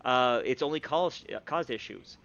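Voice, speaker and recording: Halting male game master, lo-fi audio. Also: mid-range voice, animated, vocal fry, fairly bright tone. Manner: halting, with many fillers and restarts. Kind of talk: narrating a tabletop game.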